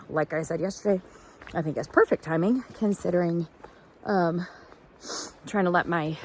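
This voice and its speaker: A woman, chatting to the camera about her hike in a giggly, storytelling way. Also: low-pitched. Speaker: thru-hiker vlogger. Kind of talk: casual vlog talk to camera. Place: outdoors by a waterfall and creek. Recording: noisy outdoor recording.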